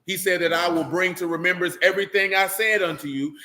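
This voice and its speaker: A man with an African American Vernacular English accent teaching scripture in a sermon style, animated and preachy, full of rhetorical questions and street vernacular. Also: sits high, fairly quick.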